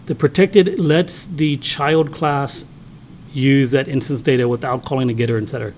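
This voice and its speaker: A man's voice: mid-range voice, steady tone, moderate pace, a little mellow, slight background noise. A man teaching a programming class, talking casually and thinking aloud as he codes, often checking in with students. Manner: casual, thinks aloud while typing, talks to himself. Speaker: college programming instructor. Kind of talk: classroom lecture with live coding.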